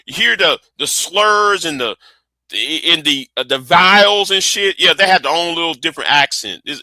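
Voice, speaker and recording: A man's voice: high-pitched, sharp tone, no echo. A man from Texas, chatting casually on a livestream in a rambling, profane way with stammering restarts. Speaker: livestream host.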